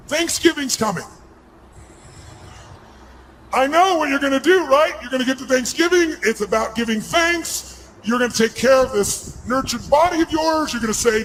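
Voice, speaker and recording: A man giving a motivational seminar speech to a live audience, loud and commanding, often shouting and firing questions at the crowd. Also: very high voice, expressive, slight background noise, low-quality recording. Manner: asks the audience rapid questions. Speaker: motivational speaker.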